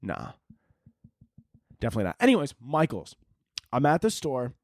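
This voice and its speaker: A man's voice: medium pitch, huge pitch swings, moderate pace, dry recording, studio quality. Profane, rambling man. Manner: profane, rambling, jokey rant. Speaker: podcast host. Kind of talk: casual comedic podcast monologue.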